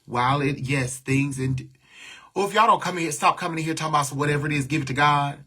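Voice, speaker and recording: A man's voice: fairly high pitch, fast talker, bright, forceful tone, husky. A man venting to viewers on a livestream, blunt and talking back to their comments. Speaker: livestream host.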